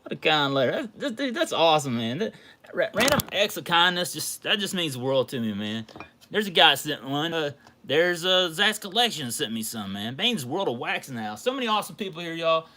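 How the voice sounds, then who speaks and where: A man hosting a casual collectibles livestream, gushing excitedly as he opens a package. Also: a little high, a little fast. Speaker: card collecting livestream host. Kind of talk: casual livestream chat while opening a package.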